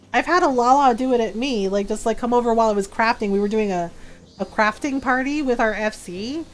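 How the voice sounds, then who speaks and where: A woman streamer telling a story in casual chat, animated, often laughing and acting out what other players said. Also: high-pitched. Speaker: game streamer.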